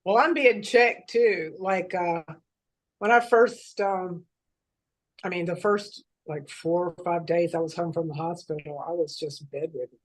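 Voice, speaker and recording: A woman, a psychic reader, chatting casually and telling stories in an animated way, acting out the voices in them. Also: on the low side, measured pace. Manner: animated storyteller who acts out the voices in her stories. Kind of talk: casual conversation.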